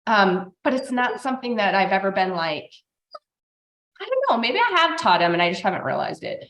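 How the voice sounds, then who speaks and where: A woman's voice: mid-range voice, big pitch swings, a little fast, a bit bright. A woman co-hosting a parenting podcast, a mother chatting casually and telling stories about her son. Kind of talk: casual conversational chat. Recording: roomy echoey room.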